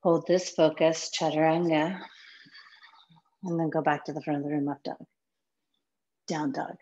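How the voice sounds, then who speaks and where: Woman yoga teacher, slow spare cues, slightly low voice, practicing along; muffled lo-fi home recording. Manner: calm, sparse one-word cues, some soft whispered counts. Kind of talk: guided yoga class cues.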